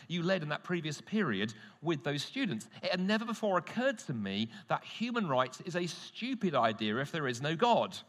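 A man's voice: fairly high pitch, very animated, moderate pace, hardly any pauses, a bit bright, in a large hall, pitched above the performer's own voice. A man acting out a thoughtful male colleague who admits he avoided questions of faith. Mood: reflective. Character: thoughtful middle-aged male agnostic colleague.

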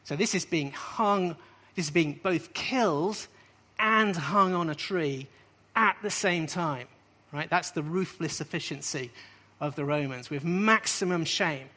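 Guy preaching a sermon to a group, bit high voice, says stuff twice for emphasis. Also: measured pace, sharp tone. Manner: emphatic, repeats key phrases with rising questions. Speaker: preacher teaching on scripture. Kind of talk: sermon-style teaching.

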